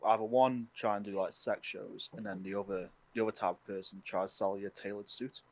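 Lowish man rambling through anecdotes. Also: steady tone, a little fast. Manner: rambling anecdotes with repeated restarts. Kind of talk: casual chat.

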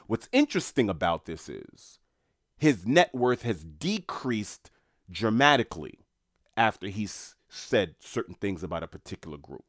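New guy chatting to his viewers, rambling, lowish voice, dry close mic. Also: a bit bright, no echo. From New York. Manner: rambling, conversational, addresses viewers. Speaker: commentator. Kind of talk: casual monologue.

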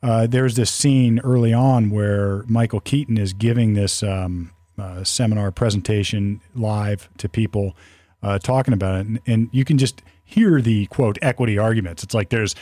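A man with a low, mellow voice talks in a loose, conversational way, circling back and restarting his sentences as he goes. He is recorded close and dry, with no room sound at all. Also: normal speed, dry recording. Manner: rambling, many restarts and fillers. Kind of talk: casual conversational talk.

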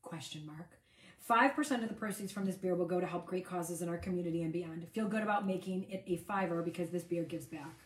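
A woman's voice: fairly low pitch, fast talker, reverberant. A woman from Buffalo, New York co-hosting a casual beer-tasting chat, teasing her partner and reading can labels aloud. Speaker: beer-tasting show co-host.

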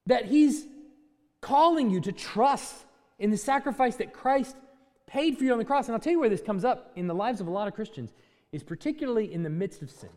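A man preaching a lively sermon who acts out little voices and laughs along the way. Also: very high-pitched, big-room sound. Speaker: pastor.

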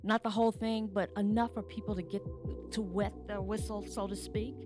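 A woman's voice: medium pitch, level tone, normal speed, loud music behind the voice. A woman hosting an interview show, encouraging her guest and introducing a song. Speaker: talk show host.

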